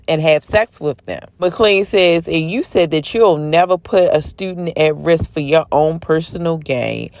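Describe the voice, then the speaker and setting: A fairly low-voiced woman recaps a crime drama episode in a casual, slang-heavy way. She reacts animatedly to what happens on screen. The sound is dry and close to the mic. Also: dry recording. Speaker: TV recap commentator.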